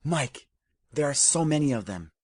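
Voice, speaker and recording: A man's voice: a little high, big pitch swings, normal speed, a little mellow, no echo, clean studio sound, voice pushed up. A man voicing a tough, wisecracking young woman sniper, brash and swearing, in an audiobook. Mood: awed. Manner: brash, swearing, nervous bravado.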